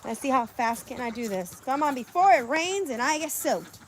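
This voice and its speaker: A woman's voice: sits high, animated, moderate pace, a little hiss or hum. A woman vlogging outdoors by her chicken coop on a phone camera, chatting and coaxing her birds inside. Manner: coaxing, talks to her animals. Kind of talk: casual vlog chat.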